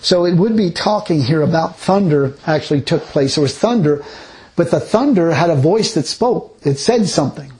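A man's voice: fairly high pitch, expressive, normal speed, darkish tone, poor audio. A man teaching verse by verse through scripture, reading passages aloud and explaining them in a rambling, unpolished way with frequent restarts. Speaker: Bible teacher.

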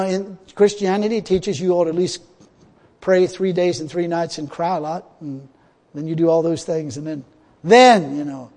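High-voiced folksy preacher in an echoing hall. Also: male voice. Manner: folksy, laughs often, swells to loud exhortation. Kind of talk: sermon. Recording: long hall reverb.

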